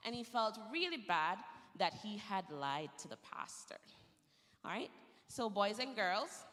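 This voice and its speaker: A woman telling a story to children during a church service, gentle and lively, in a church sanctuary. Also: mid-range voice, measured pace, in a large hall.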